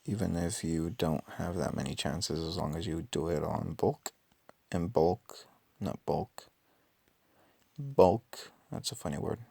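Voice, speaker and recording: A man with a raspy, just-woken-up voice, thinking aloud with many ums and self-corrections during casual gameplay commentary. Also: deep voice, normal speed, darkish tone. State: just woke up. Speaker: mobile game player.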